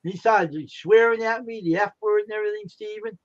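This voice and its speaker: A man's voice: high-pitched, brisk. A man hosting a casual livestream, telling a story with lots of laughter and acted-out quotes, and saying he's tired. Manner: animated, acts out quotes, laughs often. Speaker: livestream host. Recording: dull lo-fi stream audio.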